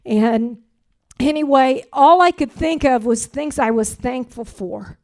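Woman, middle-aged, church testimony, heartfelt prayer, earnest, rambling, slightly high voice. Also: slow. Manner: earnest, rambling, grows animated and rises in pitch when praising. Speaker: church member giving testimony.

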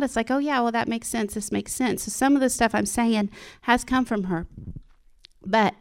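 A woman shares a devotional with her church in an informal sermon, her slightly high voice clear and resonant at a normal speed. Earnest and personal, she frequently breaks into laughter and starts her sentences over.

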